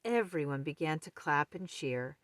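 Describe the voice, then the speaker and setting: A woman reading a children's picture book aloud, slow and expressive. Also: low voice, no room sound. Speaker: storyteller.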